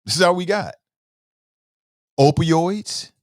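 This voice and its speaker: A man's voice: high voice, slow pace, dry recording. Conversational male host, dry close sound. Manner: conversational, reads viewer comments aloud, often starts with "uh"; animated, stressing words as he argues points. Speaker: talk show host. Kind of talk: casual livestream commentary.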